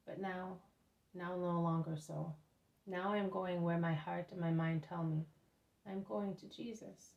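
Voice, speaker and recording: A woman's voice: on the low side, vocal fry, darkish tone. A woman voicing an earnest, devoted young man who pleads to follow his cousin, in a storybook reading. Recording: roomy echo, mic at a distance.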